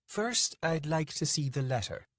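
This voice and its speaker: A soft, pleading witch woman, husky and breathy, as a male narrator puts her on. Her pitch leaps and dips, and the reading is dry and close. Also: expressive, measured pace, no room sound.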